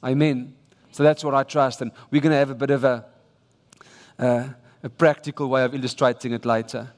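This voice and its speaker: A man's voice: mid-range voice, flat delivery, brisk. A man with a South African English accent preaching a sermon with emphatic, exhorting delivery and frequent restarts. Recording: long reverb of a large church hall.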